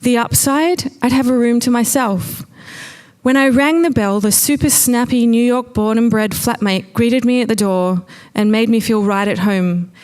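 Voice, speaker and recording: A woman's voice: on the high side, steady tone, moderate pace, darkish tone, smooth. An Australian woman reading a wry first-person story aloud on stage at a live storytelling night. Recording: long reverb of a venue hall.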